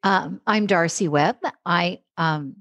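A woman's voice: fairly low pitch, slow, a bit bright, no echo. A woman voice and speech coach, a guest on a casual podcast, talking with enthusiasm, articulating precisely and laughing easily. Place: home in Philadelphia.

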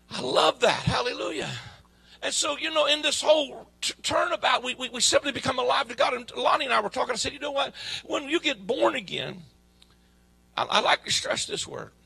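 A man preaching a fervent sermon at a church service, swinging from shouts to quiet asides in folksy grammar. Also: extremely high pitch, creaky, no room sound. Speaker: guest preacher.

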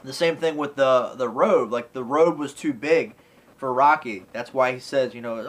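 A man talks through his thoughts on an old favorite film in a loose, rambling way. His voice sits at a middling pitch, and his sentences keep looping back through "you know" and "like" as he acts out bits of dialogue. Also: normal speed, low-quality recording. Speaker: movie reviewer. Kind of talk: casual spoken film review.

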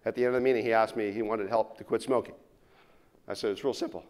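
A man's voice: fairly low pitch, steady tone, fast. Man giving a motivational keynote. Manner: storytelling with swings from loud punches to quiet asides. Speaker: keynote speaker. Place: conference room before a live audience.

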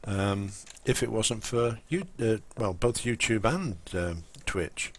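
A man's voice: lowish voice, lively intonation, takes it slowly. A man chatting casually and rambling while he plays a game on a live stream. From England. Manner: rambling, full of ums and restarts.

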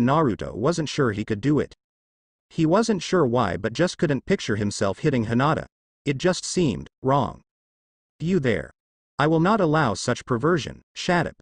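Man, fan fiction narrator, steady reading, animated pitch, dry close mic. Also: dry recording.

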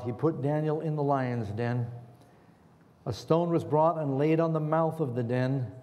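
Guy preaching in a church, mellow voice, keeps asking the crowd questions, echoey hall. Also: fairly high pitch. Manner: asks the congregation questions. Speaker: pastor. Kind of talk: sermon.

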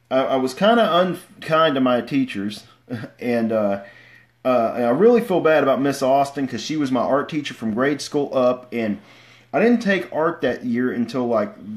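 A man, rambling through casual livestream stories, with many fillers and restarts and sudden loud outbursts. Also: medium pitch. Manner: bursts into loud shouts when acting out stories. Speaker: vlogger.

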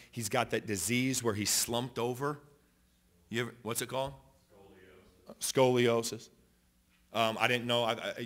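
A man preaching a sermon as pastor in a church auditorium, impassioned, moving between loud declarations and quiet storytelling, with frequent restarts and repeated phrases. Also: fairly low pitch.

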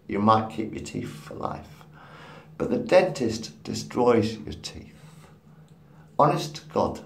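A man in his fifties rambling in a profane solo monologue, swinging between muttered asides and loud outbursts. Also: mid-range voice, gravelly. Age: 50s.

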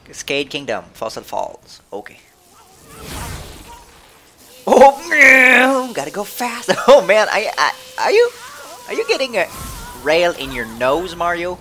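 Excitable young gamer guy, game music. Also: sits high, a little slow. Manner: excitable, jokey, yelps and laughs. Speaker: let's play gamer. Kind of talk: casual gameplay commentary. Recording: game music loud under the voice.

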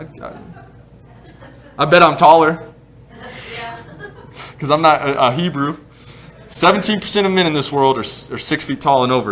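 A male pastor in his thirties preaching a sermon in a church, animated and quick to joke at his own expense. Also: medium pitch. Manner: joking, animated, self-deprecating asides. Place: church sanctuary.

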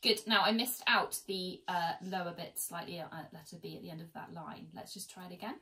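A woman's voice: lowish voice, brisk, bright, forceful tone, soft background music, low-quality recording. A woman teaching an online violin lesson from home, chatty and encouraging as she counts students in. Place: at home, seated. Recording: faint violin in background. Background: violin playing.

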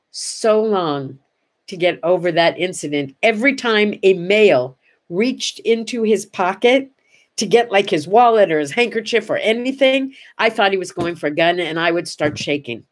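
Animated woman host telling stories. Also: medium pitch, a little slow. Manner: animated, acts out dialogue. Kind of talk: casual morning vlog storytelling.

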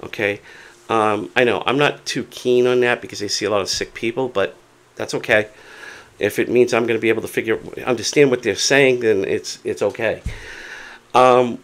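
A man's voice: fairly low pitch, normal speed. Hard-of-hearing man telling a story. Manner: animated retelling with acted quotes. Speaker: vlogger. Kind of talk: casual storytelling to camera.

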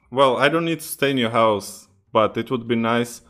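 A man's voice: medium pitch, pushed and bright. A man chatting casually on a video call, teasing and laughing often. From Russia. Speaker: host.

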